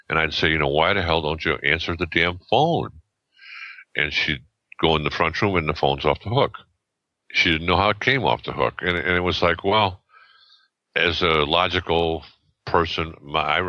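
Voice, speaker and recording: Very deep-voiced older man, bright tone. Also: no echo. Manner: rambling, halting, with many restarts and fillers. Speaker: podcast guest. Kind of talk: casual storytelling. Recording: dull lo-fi sound.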